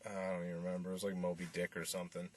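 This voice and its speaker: A man's voice: sits low, monotone, rapid-fire, a little hiss or hum. A man hosting a podcast, recapping a film in a casual, rambling way with lots of fillers and restarts. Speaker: podcast host reviewing a film.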